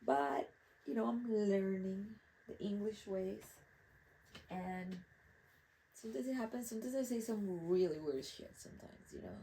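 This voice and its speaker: A woman's voice: mid-range voice, very animated, moderate pace, dark tone, a little hiss or hum, rough recording. A young woman whose first language is Spanish, talking candidly and rambling while she paints outdoors at night. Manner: candid, rambling, self-reflective. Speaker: artist. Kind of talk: casual talk while painting.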